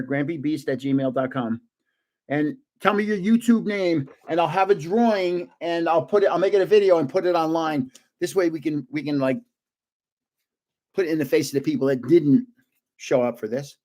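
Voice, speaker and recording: An older man casually opening trading cards on a live stream, chatty and excitable, guessing aloud and laughing often. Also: on the high side, brisk. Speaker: card-opening vlogger.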